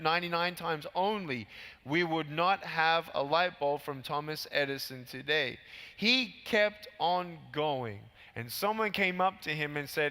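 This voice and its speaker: At a large convention, a man in his thirties delivers a motivational keynote, telling stories with animation and acting out the scenes. His voice is high with a clean tone, and the PA leaves a long hall reverb.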